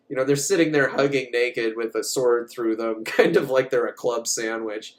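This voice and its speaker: A man's voice: mid-range voice, moderate pace, hardly any pauses. A man recapping a movie in a casual, comic way, rambling, swearing and often laughing. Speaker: movie reviewer.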